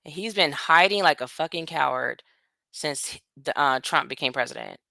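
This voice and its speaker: Her voice is deep and creaky, bright and forceful, with no echo. An American woman vlogger, she rants about politics to camera, blunt and profane, rambling and tossing in quick asides.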